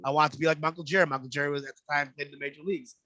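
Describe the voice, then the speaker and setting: A man's voice: fairly high pitch, very fast, dry recording. A man in a casual podcast chat, telling stories with lots of energy, acting out the people he quotes and swearing freely. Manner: animated storyteller, acts out quoted voices, swears freely. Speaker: podcast guest.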